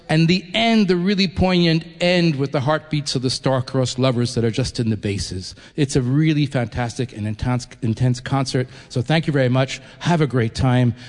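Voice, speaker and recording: A man who grew up in New York, speaking enthusiastically and conversationally to a concert audience, with frequent restarts. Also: mid-range voice. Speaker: orchestra executive addressing a concert audience. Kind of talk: live speech to an audience. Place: concert hall. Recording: long hall reverb.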